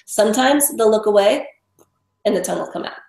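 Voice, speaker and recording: Gravelly low woman in an echoey room. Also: expressive, fairly quick, a little mellow. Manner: emphatic, repeats words for stress. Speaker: dog trainer guest. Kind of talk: explanatory interview talk.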